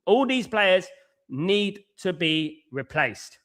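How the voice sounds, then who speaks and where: Hosting a football channel's live-stream talk show, a man chats in a repetitive, conversational way and greets viewers from the chat by name. His voice is high-pitched and very animated, fairly bright in tone, and his pace is slow.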